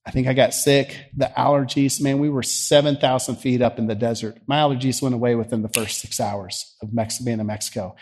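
A pastor with a Southern US accent, tired from allergies, speaks in a mid-range, slightly mellow voice as he prays and preaches in the church sanctuary. His sermon comes across as folksy, teasing, and conversational.

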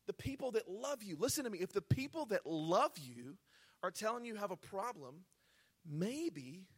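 High-voiced man preaching earnestly. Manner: earnest, swings from hushed to loud emphatic urging. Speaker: pastor. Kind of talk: sermon.

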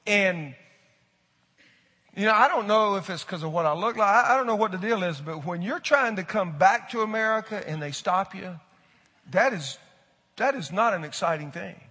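Bright-voiced pastor preaching in a reverberant hall. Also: male voice, high-pitched, moderate pace, breathy edge. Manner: folksy storytelling, animated, addresses the congregation. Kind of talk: sermon. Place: large church sanctuary. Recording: echoey hall with long reverb.

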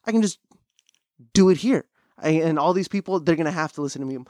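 A man's voice: a little high, fast talker, dry recording, studio quality. A young man hosting a podcast, telling stories in casual chat with lots of fillers and restarts. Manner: animated storytelling, full of fillers and restarts. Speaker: podcast host.

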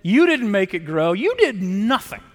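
A man preaching a sermon in a conversational, animated way, often checking in with the listeners with a quick "right?". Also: high-pitched. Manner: conversational preaching, with frequent "right?" tag questions. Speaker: pastor. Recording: long reverb.

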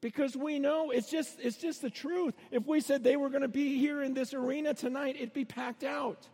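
A middle-aged man with a high voice preaches a sermon in an arena. He tells stories and acts out the voices of the people in them, now and then rising to a shout. His words ring out with the long echo of a big hall. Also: fairly even intonation, moderate pace, vocal fry. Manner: storytelling, acting out voices with sudden shouts. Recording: long reverb of a large arena.

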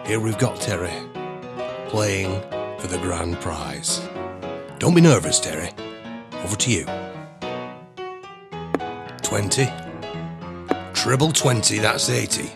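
A gushing, over-the-top game show host, as a man puts him on, his voice a little low. Loud music plays under him the whole way through. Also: animated, takes it slowly, vocal fry, long pauses, heavily acted. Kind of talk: comedy sketch.

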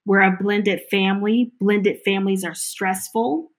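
In an interview, a middle-aged woman recounts her own story, voicing the people she quotes with lively, animated delivery. She has a medium-pitched voice and keeps a measured pace.

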